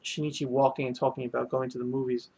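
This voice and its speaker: A man talks through an anime episode in a loose, rambling review. His voice has a gravelly, creaky texture at a middling pitch. He fills his sentences with "you know" and restarts. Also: flat delivery, fast, dark tone. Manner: rambling, heavy on fillers and restarts. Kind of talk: casual spoken review.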